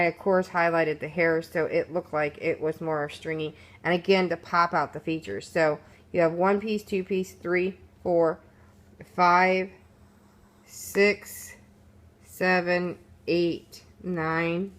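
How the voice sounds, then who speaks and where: A woman chatting casually through her craft project, rambling with fillers and restarts, sounding a little sleepy and recorded on a phone at home. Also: sits low. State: sleepy, yawning. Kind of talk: casual show-and-tell walkthrough. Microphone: phone camera.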